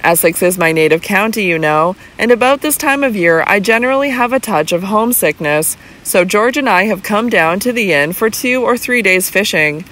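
The reader voicing an easygoing young gentleman. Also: medium pitch, animated, moderate pace, hardly any pauses, rough recording. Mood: cordial.

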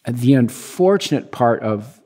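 A man in his sixties from the United States, telling stories as a guest in a relaxed, rambling way and acting out the dialogue he quotes. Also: medium pitch, a little slow. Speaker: guest, big-wave surfer. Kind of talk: casual storytelling interview.

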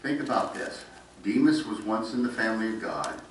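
A man's voice: fairly low pitch, sing-song, moderate pace. A man with a Midwestern American accent preaching a sermon, reading scripture aloud with emphasis and then explaining it. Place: church sanctuary. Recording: very echoey room, voice from a distance, faint noise.

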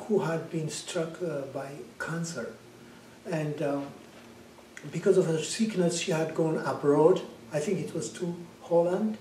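Man, Amharic speaker, testimony preacher, hesitant fillers, mellow higher voice, echoey room far from the mic. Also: a little hiss or hum. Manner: hesitant with frequent 'uh' fillers, rising to loud fervent praise. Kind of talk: spoken testimony, sermon-like storytelling.

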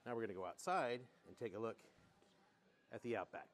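A man working as a car salesman gives a casual walkaround demo indoors, talking in a hushed golf announcer voice. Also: lowish voice, lively intonation, a little fast.

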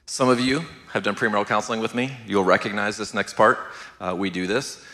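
Middle-aged pastor teaching a marriage class, lowish voice, calm and steady, hall echo behind him. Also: male voice, fairly quick. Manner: steady, even-keeled, asks the room "how many know". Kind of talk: conversational church class teaching.

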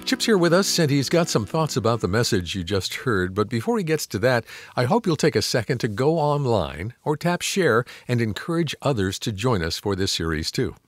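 A man announcing a radio program, reading promotional copy in a smooth, upbeat way. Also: mid-range voice, normal speed, few pauses, dry recording. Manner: smooth, promotional, lively delivery.

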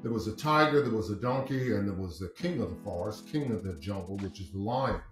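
A man hosting an online class, telling a moral tale in a deliberate, emphatic way from his study. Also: fairly low pitch, lively intonation, reverberant, music in the background, poor audio. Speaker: host and educator. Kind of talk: storytelling talk. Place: home study.

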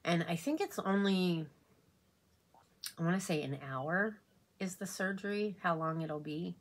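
Woman with a low voice, rambly confiding chat while she does her makeup, lots of "you know". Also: lively intonation, measured pace. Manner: rambling and confiding, many fillers like "you know what I mean". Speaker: beauty vlogger. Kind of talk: casual get-ready-with-me chat while doing makeup.

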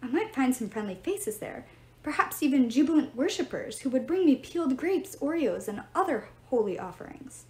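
A woman reading a novel aloud in an expressive, lively storytelling manner. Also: high voice, normal speed. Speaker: audiobook reader. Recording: roomy echo.

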